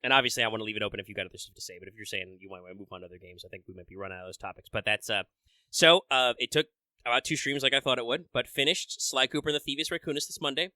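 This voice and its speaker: This medium-pitched man fires off words rapidly in a sharp tone while co-hosting a podcast. His casual chat is rambly and profane, full of self-interruptions, restarts, and filler. The sound is studio quality without echo.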